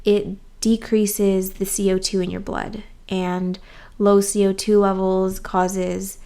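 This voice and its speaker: A woman's voice: medium pitch, little pitch movement, slow pace, vocal fry, warm tone. Chatty young woman vlogging. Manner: candid and chatty, with many "um" and "like". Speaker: YouTuber. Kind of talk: casual chat to camera.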